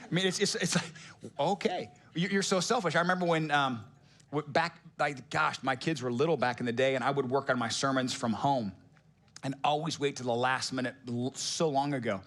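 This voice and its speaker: A man's voice: mid-range voice, fairly quick, fairly bright tone. A middle-aged man preaching a sermon in a conversational, joking way, often asking the congregation rhetorical questions. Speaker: pastor.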